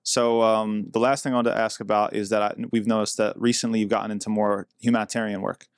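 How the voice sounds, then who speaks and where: A man's voice: fairly low pitch, little pitch movement, quick pace, clear, resonant tone, no room sound, studio quality. A man hosting a casual podcast interview, often giving brief affirming interjections. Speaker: host.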